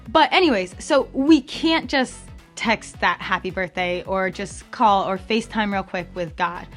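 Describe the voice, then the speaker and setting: A bubbly young adult woman hosts a casual campus ministry podcast, her ordinary-pitched speech packed with fillers like um and like. She shoots up high in pitch for quoted voices, while soft music plays faintly behind.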